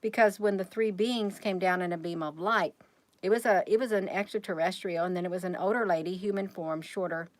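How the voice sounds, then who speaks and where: A woman's voice: lowish voice, brisk, no echo. A woman hosting a casual livestream, rambling and chatty as she keeps talking straight to her viewers.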